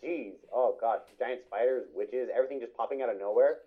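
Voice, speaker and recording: A man's voice: mid-range voice, fairly quick, slightly rough, phone-quality sound. A man in his thirties co-hosting a podcast, goofy and playfully theatrical. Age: 30s. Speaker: podcast co-host. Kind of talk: casual chat.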